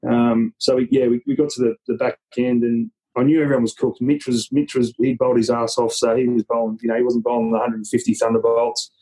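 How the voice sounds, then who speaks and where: A man's voice: medium pitch, flat delivery, fast, few pauses, mellow, breathy edge, rough recording. An Australian man, an interview guest, telling a story in a casual, rambling way with many restarts.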